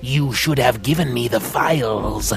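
A man voicing a menacing male demon assassin in an audiobook, deep and evil-sounding. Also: soft background music. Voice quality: deep, slow and gravelly. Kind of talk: audiobook character voice.

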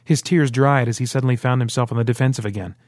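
A man reading an audiobook in steady, earnest scripted narration. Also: mid-range voice, fast talker, slight background noise.

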